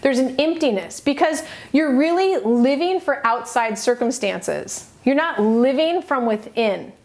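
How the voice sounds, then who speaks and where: A middle-aged woman coaching, earnest and emphatic, pausing between short phrases. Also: sits high, lively intonation, darkish tone. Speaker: self-help coach. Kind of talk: motivational teaching talk.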